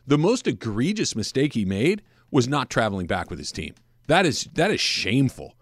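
A man's voice: mid-range voice, sing-song, normal speed, dry recording. A man hosting sports talk radio, blunt and emphatic in casual banter.

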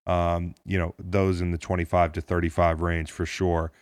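A man's voice: low-pitched, little pitch movement, normal speed, smooth, no room sound, clean studio sound. A man co-hosting a casual sports podcast, talking in a jokey, profane, rambling way with lots of restarts. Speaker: podcast co-host.

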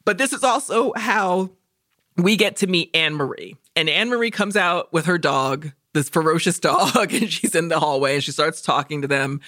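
Bright, animated woman podcast co-host. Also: lowish voice, dry recording, clean studio sound. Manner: profane, animated storytelling with jokey quoted voices. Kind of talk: casual movie chat.

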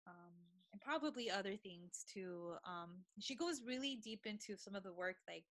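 Dry-sounding woman telling a lively story. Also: mid-range voice, normal speed, no echo. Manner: lively storyteller who backtracks and corrects herself; laughs often, switches languages mid-sentence. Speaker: podcast co-host. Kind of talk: casual chat.

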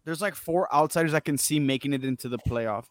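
A man's voice: fairly high pitch, fairly quick, dry recording. A man co-hosting a casual sports podcast who gives blunt, profane hot takes on college football. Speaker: podcast co-host.

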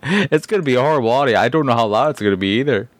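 A podcast host rambles through a casual solo episode, sounding exasperated and poking fun at himself. His medium-pitched voice is animated and racing, with no echo.

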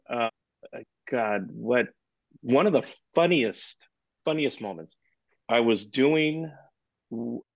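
A man's voice: mid-range voice, no room sound. A man chats as a podcast guest, telling one story after another in a casual, swearing way, leaning on "you know". His voice sits in an ordinary middle range. The recording sounds dull and lo-fi, very dry. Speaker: guest percussionist.

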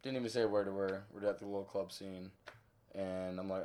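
A man's voice: low voice, steady tone, a little fast, dark tone. A young man in casual conversation, telling stories in a laid-back, bragging way. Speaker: guest.

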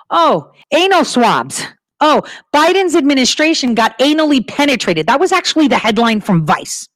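A woman hosting her own talk show, speaking quickly and animatedly and laughing as she talks. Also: sits high, dry recording, low-quality recording. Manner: fast, animated, laughing while talking. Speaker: show host. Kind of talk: casual talk-show monologue.

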